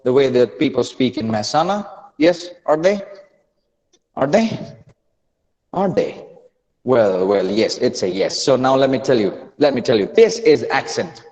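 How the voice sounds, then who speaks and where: A man leading a live online class, energetic and repeating phrases as he urges learners to answer quickly in the chat. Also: medium pitch, long reverb tail, lo-fi sound. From India. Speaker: online English trainer.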